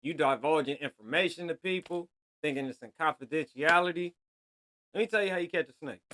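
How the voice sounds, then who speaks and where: A man's voice: on the high side, brisk, pushed and bright. Blunt, slangy man lecturing on a podcast. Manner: blunt, profane street-slang storytelling; preachy, lecturing the listeners. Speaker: podcast host. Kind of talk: solo podcast monologue.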